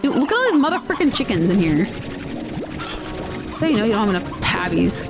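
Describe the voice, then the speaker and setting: A woman's voice: mid-range voice, sing-song, a little fast, music in the background. A woman streaming a game in casual commentary, chatty and cursing freely, cooing baby talk at her pets. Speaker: gaming streamer.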